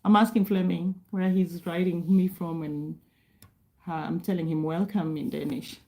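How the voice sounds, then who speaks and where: Chatty woman from Kenya, mellow voice. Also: lowish voice, fairly even intonation, a little slow, pauses often, rough recording. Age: middle-aged. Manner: chatty, apologetic, laughs often, restarts sentences. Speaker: live stream host. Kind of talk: casual live-stream chat reading comments.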